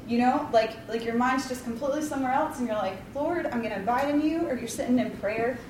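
Talking fast with few pauses, a Bible study leader with a slightly high voice gives a rambling, chatty devotional talk peppered with likes and ums and self-deprecating remarks. The recording is roomy and distant-miked, with faint ambience and a noisy background.

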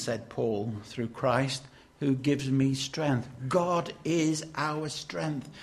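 An older man preaching a sermon, emphatic, swinging between loud declarations and hushed lines. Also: a little high.

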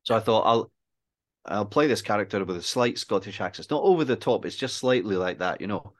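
Appearing as a guest, a man from Wales who directs films talks casually in an interview with a lowish voice. He's rambling and self-deprecating, frequently stopping and starting over.

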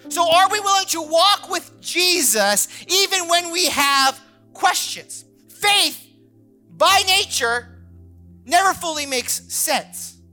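A man in his thirties preaches with an animated, storytelling manner, slipping into the voices of the people he quotes. His tone is bright and forceful. Soft music plays behind him. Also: very high-pitched, slow. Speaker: pastor. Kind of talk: sermon with personal story.

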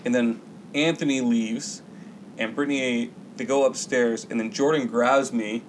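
A man's voice: mid-range voice, fairly even intonation, unhurried, slight background noise, rough recording. A man co-hosting a podcast, telling a rambling, profane story in casual chat and acting out the voices of the people in it. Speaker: podcast co-host.

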